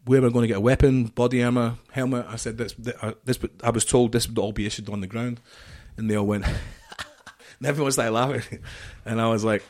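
A middle-aged man, a podcast guest, telling a story in an animated, swearing way and acting out the dialogue. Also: mid-range voice, brisk. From United Kingdom.

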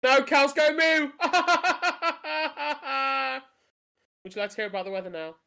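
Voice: high voice, very animated, slow, gravelly, bright, forceful tone, full character voice. A performer playing a playful, jokey weather presenter on local radio in improv comedy.

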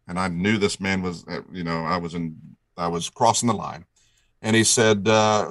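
A man from Indiana tells a rambling, folksy story and acts out everyone's lines along the way. His voice sits a little low but comes across bright and forceful. The sound is dry and close. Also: fairly even intonation, moderate pace, no echo, poor audio. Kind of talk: casual storytelling.

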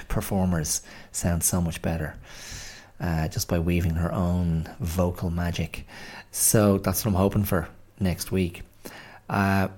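A man's voice: sits low, vocal fry, darkish tone. A man in his forties, hosting a podcast in a rambling, self-deprecating, chatty monologue. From Ireland. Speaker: podcast host. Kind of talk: casual monologue.

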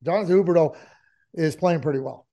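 A man analyzing hockey in a relaxed podcast chat. He gets emphatic, repeats his key words, and stumbles into restarts. His voice runs high. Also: fairly quick. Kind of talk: casual sports talk.

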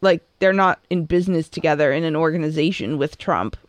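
A woman's voice: low voice, brisk, no room sound. A woman co-hosting a podcast in casual, amused chat. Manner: amused, chatty. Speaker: podcast co-host.

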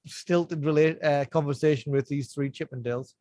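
A man's voice: fairly high pitch, steady tone, moderate pace, dark tone, no echo. A man chatting casually, retelling a TV show with laughter and mimicked voices.

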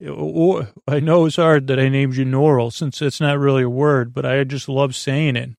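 A man hosting a sleep podcast, rambling in a slow, meandering way full of fillers and restarts. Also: mid-range voice, fairly even intonation, creaky, a little mellow, no room sound, studio quality. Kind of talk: rambling bedtime podcast chat.

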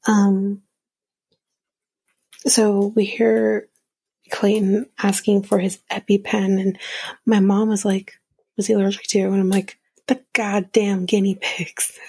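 A young woman hosting a podcast recaps a reality show casually and with exasperation, swearing freely. Her voice is medium-pitched, mellow, and husky, and the audio is poor, with no echo.

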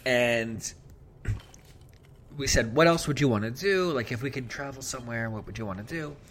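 A man's voice: mid-range voice, normal speed, a bit bright. A man in his thirties or forties co-hosting a podcast, talking in a laid-back, dry and joking way with his partner. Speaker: podcast co-host. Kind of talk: casual couple chat.

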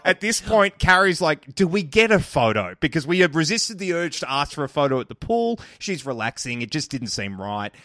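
A man's voice: on the high side, very animated, normal speed, hardly any pauses, bright, forceful tone, dry recording. A young man, co-hosting a podcast and telling a long anecdote with a suspenseful build-up. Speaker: podcast co-host. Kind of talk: casual chat, storytelling.

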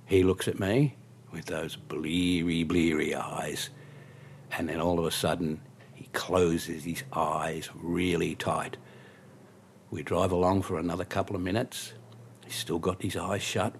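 A man's voice: sits low, fairly even intonation, measured pace, slight background noise. A man, a taxi driver telling a story about a fare in a dry, wry, conversational way. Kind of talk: spoken anecdote storytelling.

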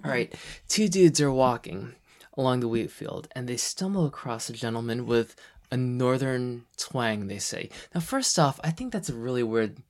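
Very low-voiced woman telling a story. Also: moderate pace. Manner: relaxed, slangy storytelling. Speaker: podcast co-host telling ghost stories. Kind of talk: casual storytelling.

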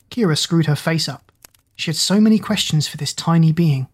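A woman narrates a storybook at a measured, steady pace. Her voice is low and carries a husky grain. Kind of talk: audiobook narration.

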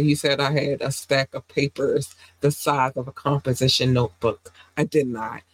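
A woman's voice: sits low, no room sound. A woman hosting a casual podcast while sick with a sore throat and runny nose, talking emphatically and repeating phrases for effect. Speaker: podcast host.

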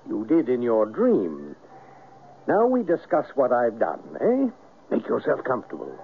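A sly, purring foreign mesmerist. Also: male voice, mid-range voice, wildly swooping pitch, unhurried, vocal fry, slight background noise, heavily acted. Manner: purring, theatrical, chuckling. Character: mysterious foreign male hypnotist, sly and commanding. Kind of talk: 1970s radio drama acting. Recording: tinny lo-fi radio broadcast.

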